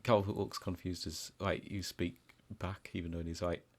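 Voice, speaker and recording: A man's voice: sits low, little pitch movement, normal speed. A man playing in a tabletop game, rambling and laughing as he describes his character. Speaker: player. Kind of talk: casual tabletop game chat.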